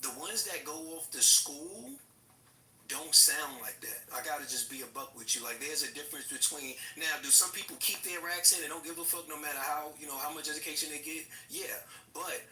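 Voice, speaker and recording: A man's voice: a little high, fairly quick, few pauses, pushed and bright. A man in an online debate speaking in a casual, slangy way. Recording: echoey, distant from mic, faint music.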